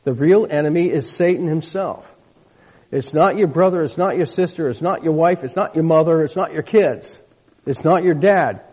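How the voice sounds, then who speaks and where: A man's voice: on the high side, normal speed, darkish tone, slightly rough. A man preaching a sermon in a conversational way, often restarting his sentences and calling on the congregation to repeat after him. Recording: dull lo-fi recording with long hall reverb.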